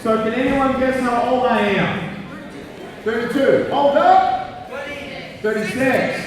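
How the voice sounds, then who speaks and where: A man's voice: extremely high pitch, steady tone, a little slow, a crowd in the background. A man in his thirties giving a humorous motivational talk to a live audience, a playful storyteller who acts out the voices in his stories. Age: 30s. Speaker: motivational speaker. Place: large school gymnasium. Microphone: handheld mic, recorded from far off in the hall. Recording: very echoey gym recorded from far off.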